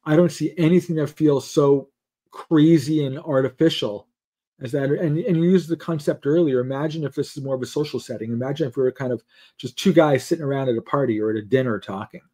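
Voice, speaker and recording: A man hosting a business podcast, talking in an animated way and poking fun at stiff survey wording. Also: on the high side, brisk. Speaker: podcast host.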